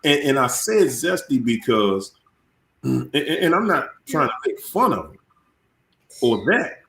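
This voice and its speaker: A male host in casual live-stream chat, animated and preachy, often repeating his words. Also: mid-range voice, unhurried, reverberant.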